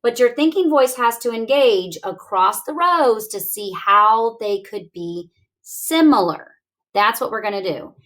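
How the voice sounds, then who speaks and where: A woman's voice: on the high side, lively intonation, a bit bright. A woman teaching a reading lesson, talking through examples and coaxing young students with questions. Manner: slow, coaxing, asks questions aloud. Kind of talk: classroom literacy lesson.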